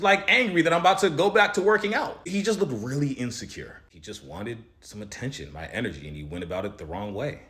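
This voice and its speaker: A man's voice: medium pitch, a bit bright. A man giving a casual motivational talk, telling a personal story and turning it into advice for his listeners. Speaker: spiritual motivational speaker.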